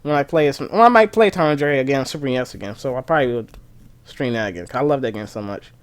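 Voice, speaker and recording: Excitable man with a smooth, clear voice. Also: medium pitch, fast talker. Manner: rambling, excitable, with frequent restarts. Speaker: gaming streamer. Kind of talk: casual chat.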